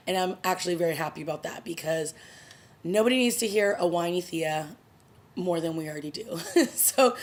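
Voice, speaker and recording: A woman casually recapping and reviewing a TV episode, chatty and opinionated, with bits of laughter. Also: fairly low pitch. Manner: chatty, opinionated, laughs while retelling scenes. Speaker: TV review vlogger.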